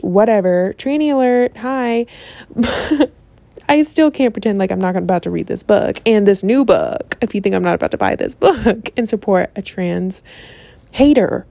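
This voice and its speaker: A young woman in casual, profane chat, sassy and animated, often slipping into mock voices. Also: medium pitch, gravelly, no echo.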